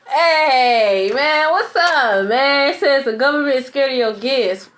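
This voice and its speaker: High, lively-voiced ranting woman. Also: takes it slowly, few pauses, a little hiss or hum. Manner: blunt, profane, repeats herself. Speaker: tarot reader. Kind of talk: casual ranting monologue.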